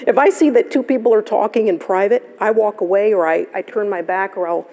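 Gravelly-voiced woman pastor preaching. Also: mid-range voice, a little fast, warm tone. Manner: storytelling, conversational, laughs often. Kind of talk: sermon. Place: church sanctuary. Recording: live church service, long hall reverb.

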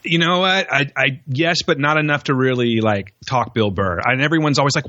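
A man with a mid-range voice hosting a podcast, chatty and quick with a joke, cursing casually. His audio sounds dull and lo-fi, with the top end muffled. It is dry, with no room echo. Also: mid-range voice, sharp tone. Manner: chatty, jokey, swears casually. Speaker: podcast host. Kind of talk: casual chat.

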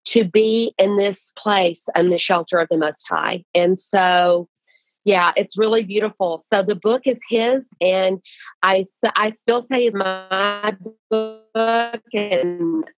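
Speaking slowly in a mid-range voice, this author tells the story of writing and putting out her book in a relaxed, earnest, lively way, often starting over mid-sentence. Soft music plays behind her on a low-quality recording with no echo.

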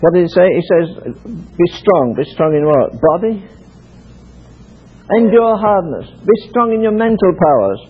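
A man's voice: sits high, big pitch swings, unhurried, long pauses, husky. An older British man preaching a sermon, telling stories and urging his listeners in an emphatic way. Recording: tinny lo-fi archive tape.

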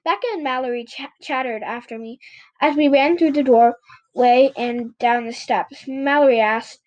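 A woman reading a children's chapter book aloud in a high voice. She often stumbles on a word and goes back to correct herself. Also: moderate pace, a little mellow. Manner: frequent stumbles and self-corrections. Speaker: reader.

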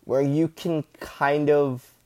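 A man's voice: a little high, fairly even intonation, slow pace, a little mellow, no room sound. A man rambling in casual, enthusiastic fan commentary, gushing and swearing freely.

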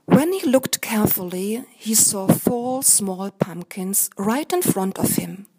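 Slow, husky woman storyteller. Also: mid-range voice, expressive, warm tone, poor audio. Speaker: narrator. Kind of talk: storybook reading aloud.

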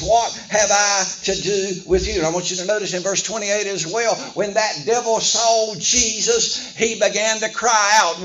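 A pastor with a high voice preaches to his congregation, pushing them to answer back and repeat after him. The sound is echoey and a bit muffled, as from a church room. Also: a bit bright. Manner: emphatic call-and-response preaching. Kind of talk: sermon.

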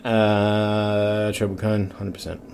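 A man's voice: fairly low pitch, completely flat delivery, takes it slowly, creaky, a little mellow. A man, a podcast guest in casual chat who swears often and laughs through his stories. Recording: faint background noise.

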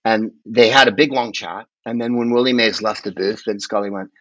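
A man telling long, rambling, animated stories in casual chat as a podcast guest, often swearing along the way. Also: fairly low pitch, brisk, no echo, muffled recording. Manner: rambling, animated, profane storyteller.

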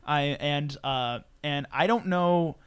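Young guy rambling on a podcast, kinda high voice, swears a lot, dry close sound. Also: slow, fairly bright tone, clean tone, dry recording. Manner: rambling, self-deprecating, lots of swearing and restarts. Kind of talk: casual chat.

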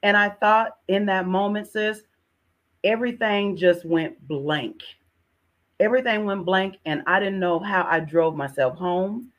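In an unhurried, mid-range voice, a middle-aged woman appears as a podcast guest sharing an emotional personal testimony. She speaks earnestly, repeats words, and often addresses the listener as "sis."

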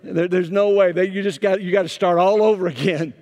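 Male pastor, lively sermon storyteller, slightly high voice, long hall reverb. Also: a little fast. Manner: animated storytelling, volume rising and falling. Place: church sanctuary.

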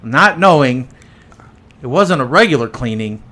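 A man hosting a podcast, telling a profane, animated story and acting out both sides of the conversation. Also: mid-range voice, measured pace. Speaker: podcast host. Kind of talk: casual storytelling chat. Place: echoey tunnel.

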